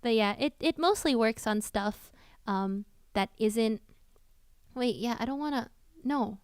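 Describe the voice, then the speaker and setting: A woman's voice: a little high, measured pace, over music. A young woman hosting a casual live Q&A about singing covers, chatty and self-correcting with lots of fillers.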